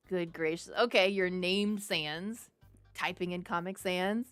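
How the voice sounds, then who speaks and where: A woman's voice: on the low side, unhurried, a bit bright, clean tone, no echo, faint music behind. A woman from Texas, chatting through a game for her viewers, jumpy and giggly. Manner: jumpy, giggly, talks to chat. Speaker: game streamer. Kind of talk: live game commentary.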